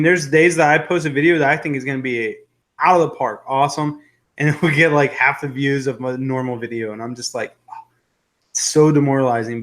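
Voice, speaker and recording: A young man chatting casually on a live stream, mid-pitched and relaxed. He rambles, jokes and reads out viewer comments, with plenty of ums and restarts. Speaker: livestream host.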